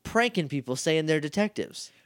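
A man's voice: a little high, expressive, moderate pace, no echo, clean studio sound. A man co-hosting a casual podcast, recapping an episode in a chatty, jokey way and acting out lines. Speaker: podcast co-host.

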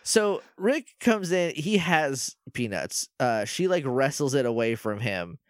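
A man co-hosting a casual podcast, recapping a TV episode in lively conversation. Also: medium pitch, unhurried, no echo, clean studio sound. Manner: lively, animated, acts out lines from the show. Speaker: podcast co-host.

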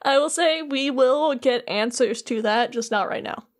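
A high-voiced woman co-hosting a podcast recaps a game in casual chat at a moderate pace. She retells it with lots of energy, doing quoted voices for the characters.

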